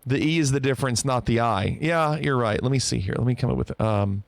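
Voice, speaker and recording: A man's voice: medium pitch, a little fast, gravelly, no room sound. A man streaming live, chatting casually and playfully with his viewers. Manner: playful, bantering about pronunciation.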